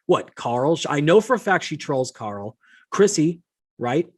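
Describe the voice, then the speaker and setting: A man's voice: on the high side, big pitch swings, measured pace, slightly rough. Exasperated man ranting on a podcast. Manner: exasperated, indignant, swearing, reading messages aloud. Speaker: podcast host. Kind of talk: solo podcast rant.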